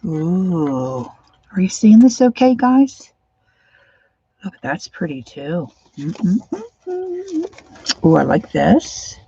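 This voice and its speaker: A woman chats her way through a craft livestream at her home desk, rambling from one thing to the next and slipping into quiet whispered asides. Her voice is dark and mellow with a gravelly edge. The sound is muffled and lo-fi, picked up by a phone or camera on the desk. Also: lowish voice, sing-song, measured pace, no room sound. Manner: chatty and rambling, drops into soft whispered asides. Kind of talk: casual craft livestream chat.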